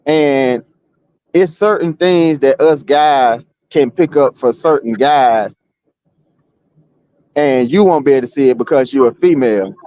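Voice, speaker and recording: A man's voice: medium pitch, a little slow, mellow, no echo. Rambling, blunt man on muffled audio. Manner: rambling, repeats himself, blunt street talk. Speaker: guest. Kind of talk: casual streamed argument.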